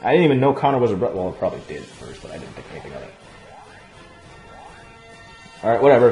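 Let's play dude, excitable, cusses a ton, voice all over the place, faint game music. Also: male voice, on the low side, brisk, long pauses, dull audio. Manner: excitable, swears a lot, loud outbursts. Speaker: gaming channel host.

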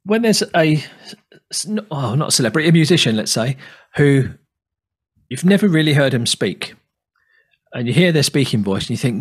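Casting: husky-voiced UK man, casual podcast co-host, rambling chat. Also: a little high, very animated, moderate pace. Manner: chatty, rambling, laughs easily.

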